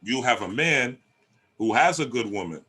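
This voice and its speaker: A man giving a casual, animated monologue on relationships, checking in with "right?". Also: medium pitch, moderate pace, breathy edge. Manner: animated, streetwise, lots of rhetorical "right?". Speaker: relationship talk host.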